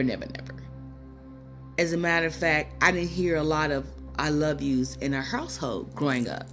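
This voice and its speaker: A woman in her fifties speaking into her phone in a rambling, personal way, near tears, full of fillers and asides. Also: sits low. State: tearful, near crying. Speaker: spiritual channel host. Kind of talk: casual spiritual talk to viewers.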